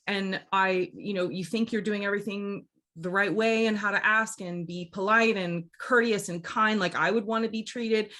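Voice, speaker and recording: A woman's voice: mid-range voice, fairly even intonation, normal speed, hardly any pauses, fairly bright tone. A woman opera singer co-hosting a podcast, telling a story in casual chat, candid and emotional, swearing freely.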